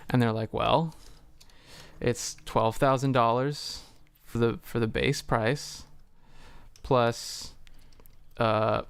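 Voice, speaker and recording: Slow and resonant, this man's medium-pitched voice is clear, with vocal fry, fairly even intonation, and long pauses, in a dry recording. He's casually chatting on a livestream from home, heavy on fillers with some swearing, acting out each side of a conversation as keyboard clicks sound behind him.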